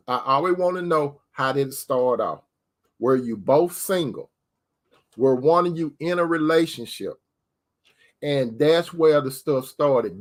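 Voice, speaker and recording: A man giving preacher-style relationship advice, asking rhetorical questions and calling listeners sister. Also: on the high side. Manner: addresses listeners as sister, repeats key phrases.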